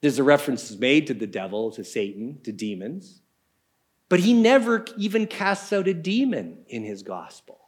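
A man's voice: medium pitch, very animated, moderate pace. A man preaching a sermon, explaining scripture in a conversational teaching manner with casual asides. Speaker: pastor.

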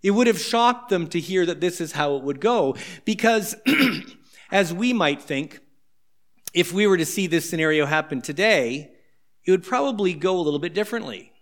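A man's voice: high-pitched, lively intonation, normal speed. A man preaching a sermon in a conversational, explanatory way. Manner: conversational, explanatory, acts out scenes. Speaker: pastor.

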